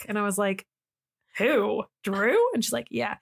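Young woman, podcast co-host, casual storytelling, lively, laughs a lot, slightly high voice. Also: moderate pace, gravelly. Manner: animated, laughing, acts out quoted voices.

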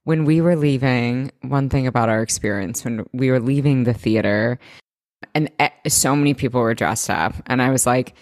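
Woman co-host, low voice, gushing and enthusiastic, casual swearing. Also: normal speed, darkish tone. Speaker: podcast co-host. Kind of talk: casual chat.

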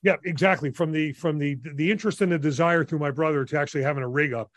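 A man in his sixties from New Jersey, a radio DJ telling stories in an enthusiastic, animated way as a podcast guest. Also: a little high, quick pace, no room sound. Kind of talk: casual interview storytelling.

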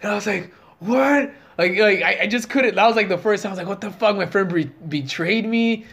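A man's voice: sits high, fast, a bit bright. A man in his thirties, a comedian guest telling a story in casual chat, profane and rambling with many fillers.

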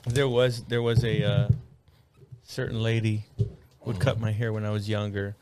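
A man's voice: on the low side, flat delivery, moderate pace, a little mellow, clean tone. A man in casual chat, giving blunt, grumbling asides.

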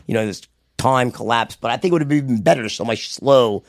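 Guest, man, middle-aged, New York accent; gravelly, animated, swears freely, restarts sentences. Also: medium pitch, fast talker, no room sound, studio quality. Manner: animated, profane, loud impressions with repeated restarts. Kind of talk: candid storytelling in conversation.

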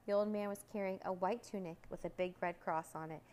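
A woman narrating a children's storybook, lively and expressive. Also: a little fast, a little hiss or hum, poor audio. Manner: lively, voicing characters with raised pitch for shouts. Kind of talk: storybook reading aloud.

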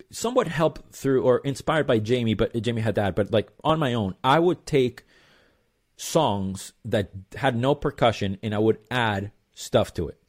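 A male percussionist, a guest in an interview, telling his story in a casual, rambling way with plenty of fillers. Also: medium pitch. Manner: rambling, loose, lots of fillers and "blah blah".

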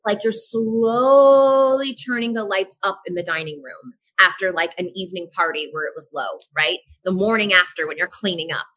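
A woman talks as a podcast guest, telling her own story candidly. Her voice is bright and forward. She is animated and frank, swears casually, and slips into quick voices for the people she quotes. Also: mid-range voice, poor audio.

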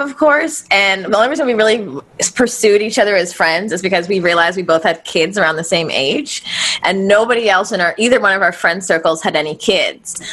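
Woman guest on a podcast, laughs a lot, swears, does everyone's voices in her stories. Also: medium pitch. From the Valley. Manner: animated storyteller, acts out quotes, laughs often, swears freely. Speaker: podcast guest, co-host of a moms podcast. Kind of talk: casual chat.

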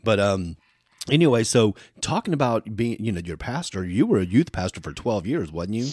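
Chatty, lively podcast host man. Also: lowish voice, moderate pace, husky, no echo. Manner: chatty, laughs easily. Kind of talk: casual podcast interview.

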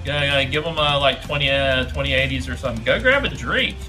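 A man playing in a tabletop role-playing game, talking in an animated way. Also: medium pitch, fast. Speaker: player. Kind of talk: casual in-character play. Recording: music playing clearly behind.

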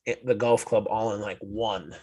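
A man's voice: lowish voice, steady tone, moderate pace, warm tone, breathy edge, rough recording. Rambling man from upstate New York. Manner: rambling, full of "like" and restarts. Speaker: podcast co-host. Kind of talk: casual chat.

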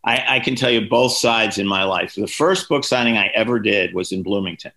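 A man in his sixties, an author appearing as a podcast guest, tells one lively anecdote after another a little fast, his lowish voice bright and forceful. He voices the people in his stories, leaping up in pitch for their lines.

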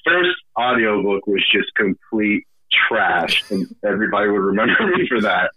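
A man's voice: fairly low pitch, animated, moderate pace, a crowd in the background. A man who narrates audiobooks, a podcast guest talking candidly and with self-deprecating humor. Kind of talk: casual podcast conversation. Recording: tinny phone-like line.

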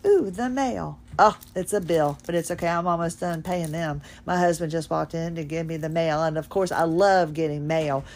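A woman hosting a podcast in a fast-talking, folksy, animated monologue. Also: low voice. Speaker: podcast host. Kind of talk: casual monologue.

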